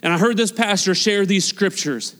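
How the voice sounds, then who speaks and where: High-voiced man preaching in a reverberant hall. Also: normal speed. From United States. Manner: passionate preaching, swings from loud to hushed. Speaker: pastor. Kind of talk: sermon.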